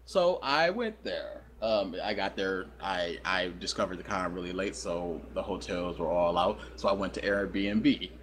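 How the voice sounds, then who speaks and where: A man's voice: low voice, animated, a little slow, few pauses, fairly bright tone, a little hiss or hum. A young man co-hosting a podcast, telling a rambling, self-deprecating story in casual chat. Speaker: podcast co-host.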